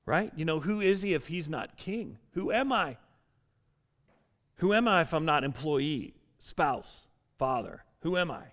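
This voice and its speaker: Man, pastor, sermon, high-pitched voice, emphatic, rising and falling delivery. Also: expressive, measured pace, fairly bright tone. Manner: earnest, emphatic preaching that swells and drops.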